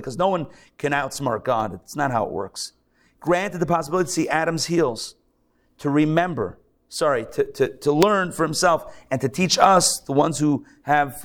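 Animated, gravelly-voiced rabbi preaching. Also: male voice, on the high side. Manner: animated, joking, acts out mock quotes. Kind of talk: live sermon to a congregation. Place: synagogue hall.

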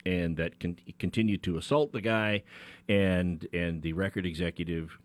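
A man's voice: deep voice, normal speed, no room sound. A man co-hosting a radio talk show as an attorney, explaining a legal case in a conversational way with frequent restarts. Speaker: attorney co-host.

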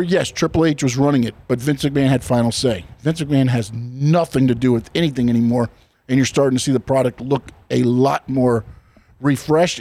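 Mellow-voiced man explaining at a run. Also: medium pitch. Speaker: podcast co-host. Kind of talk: casual chat.

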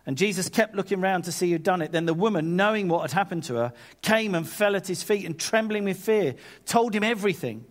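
A man preaching a sermon, retelling scripture in a lively paraphrase with casual asides. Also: high voice, brisk, hardly any pauses. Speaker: pastor.

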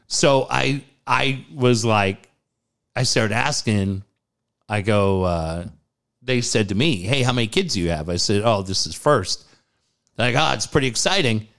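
A man telling a personal story in a casual chat, acting out what people said with big jumps in his voice. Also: moderate pace. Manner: animated, acts out quotes with big pitch jumps.

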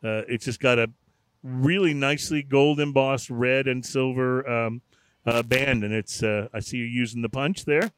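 A man's voice: mid-range voice, fairly even intonation, moderate pace, a little hiss or hum. A man co-hosting a casual podcast chat, rambling with lots of fillers. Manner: chatty, rambling with many fillers. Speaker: podcast co-host. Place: small room. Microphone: studio microphone.

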